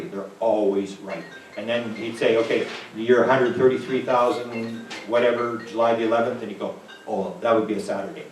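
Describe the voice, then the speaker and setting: A man from Manitoba, Canada, giving a rambling, conversational talk, acting out the voices in his stories. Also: mid-range voice. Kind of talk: rambling lecture storytelling. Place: talk venue room. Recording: roomy distant mic with faint background noise.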